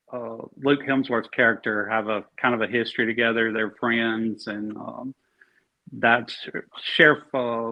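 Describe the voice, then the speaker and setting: A man being interviewed as an actor, talking easily and rambling with many fillers and restarts. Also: medium pitch. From Alabama. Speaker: actor guest. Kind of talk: casual interview chat. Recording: dull lo-fi sound.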